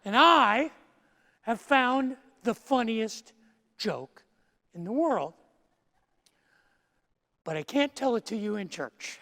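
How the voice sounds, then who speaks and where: A male pastor delivers his sermon with playful, self-mocking jokes. His voice has a gravelly fry to it. It carries a long reverb through a large church sanctuary. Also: extremely high pitch, animated, takes it slowly, pauses often, bright, forceful tone.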